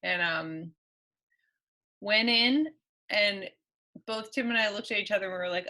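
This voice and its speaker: A woman co-hosting a relaxed podcast. Her voice sits a little high and sounds bright and clear. She delivers her lines with dry, deadpan amusement and often breaks into short laughs. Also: moderate pace. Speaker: podcast co-host. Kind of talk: casual chat.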